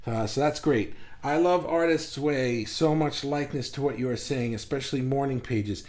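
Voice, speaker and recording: A man with a mid-range, slightly mellow voice hosts a casual live stream at a moderate pace, reading viewers' comments aloud and riffing on them in a rambling, self-mocking way.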